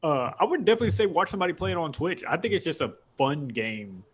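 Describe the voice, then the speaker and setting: A man's voice: a little high, lively intonation, fast talker, a little hiss or hum. A young man hosting a casual podcast, rambling through a long story with frequent laughs. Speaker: podcast host. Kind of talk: casual chat.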